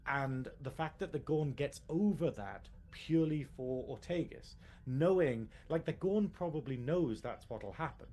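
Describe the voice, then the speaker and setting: A man's voice: mid-range voice, normal speed, mellow, slight background noise. Rambling emotional man. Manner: emotional, rambling, many restarts. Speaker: podcast co-host. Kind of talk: casual review chat.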